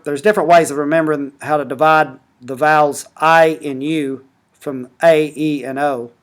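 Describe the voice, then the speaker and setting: A man narrating a screen-recorded tutorial for a language app. His voice sits a bit on the high side, and he explains step by step in a patient, unscripted way with fillers and restarts.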